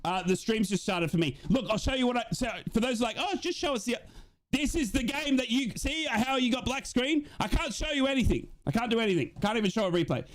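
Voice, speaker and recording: A man hosting a live stream in casual, matey chat, reading out messages and now and then bursting into excited shouts. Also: very high voice, fast, hardly any pauses.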